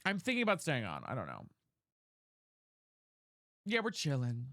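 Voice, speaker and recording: A man's voice: medium pitch, huge pitch swings, moderate pace, sharp tone, dry recording, clean studio sound. A young man streamer chatting casually with his chat, reading questions aloud and explaining voice technique.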